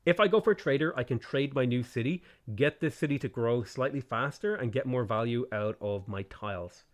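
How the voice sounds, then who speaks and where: A man's voice: mid-range voice, normal speed. A man streaming a strategy game, thinking aloud about his moves, thanking viewers and laughing often. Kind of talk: casual live-stream commentary.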